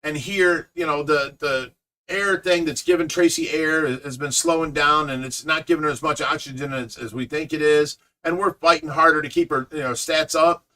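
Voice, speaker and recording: Ohio guy rambling on a livestream, kinda high bright voice, far from the mic. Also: steady tone, normal speed. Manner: rambling storytelling, acting out what others said. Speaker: fish rescue owner and caregiver. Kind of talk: casual livestream chat. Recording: voice picked up from a distance.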